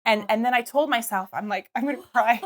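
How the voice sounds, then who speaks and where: A woman's voice: fairly high pitch, fast talker, fairly bright tone. A young woman hosting a podcast, telling a personal story in a rambling, casual way, often quoting herself. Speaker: podcast host.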